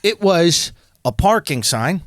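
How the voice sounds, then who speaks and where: A man in his thirties, a comedian and podcast co-host, telling an animated, profane, comic story and laughing through it. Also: on the high side, slow, dry recording.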